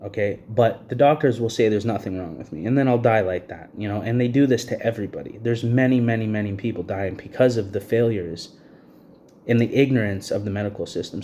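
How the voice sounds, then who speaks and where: A man's voice: lowish voice, warm tone, a little hiss or hum. A man in his thirties ranting to camera in an agitated, repetitive way, short of breath, with frequent "you know what I mean" fillers. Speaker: vlogger.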